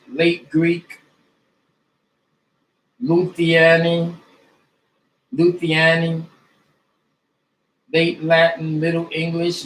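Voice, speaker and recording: Male reader, slightly high voice, flat delivery, recorded in an echoey room. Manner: slow, deliberate list reading. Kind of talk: reading a list of dictionary terms aloud.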